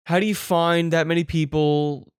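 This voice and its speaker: A man's voice: fairly high pitch, steady tone, normal speed, clear, resonant tone, no echo, studio quality. A man hosting a comedy show, ranting in disbelief, swearing and repeating questions for effect. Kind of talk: comedic rant reacting to clips.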